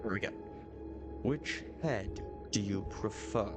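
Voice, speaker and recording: A man streaming a video game, giving excitable commentary and reacting between lines. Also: lowish voice, slow pace, over loud music. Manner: excitable, reading game dialogue aloud. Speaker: gaming streamer. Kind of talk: let's play commentary.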